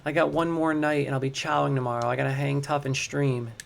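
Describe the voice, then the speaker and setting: A young man streaming a game, rambling in a gravelly, mid-range voice and calling his viewers crew. He swings between hyped shouts and muttered asides. A faint hiss sits under the recording. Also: mid-range voice, flat delivery, brisk. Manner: chatty, hyped, slangy, talks to chat as crew. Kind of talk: casual livestream commentary.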